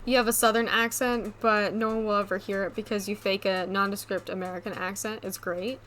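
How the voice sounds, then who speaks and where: A woman streamer with a slight New England accent, chatting casually with her chat, rambling with lots of "like" and quick laughs. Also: medium pitch, steady tone, a bit bright, a little hiss or hum.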